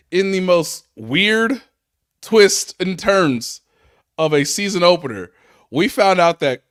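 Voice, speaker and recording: A man's voice: sits high, animated, slow pace, fairly bright tone, no echo, studio quality. A man on a sports podcast who tells stories with animation, laughs often and acts out other people's lines. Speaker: sports reporter and podcast panelist. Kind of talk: casual sports podcast chat.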